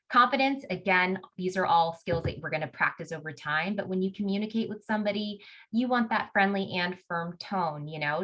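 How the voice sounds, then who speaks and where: A woman with a notably low-pitched voice leads an online webinar for high school students. She talks in a loose, conversational way, with fillers and frequent "right?" checks to keep the students with her. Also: a bit bright, rough recording. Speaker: webinar presenter.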